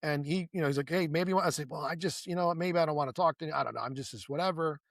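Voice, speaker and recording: A man with a fairly high voice tells a long story in an easygoing, conversational way. He restarts sentences, adds asides and acts out quoted lines, and the sound is close and dry. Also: very fast, dry recording. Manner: animated storyteller who acts out quoted dialogue; rambling with many restarts and asides. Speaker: guest.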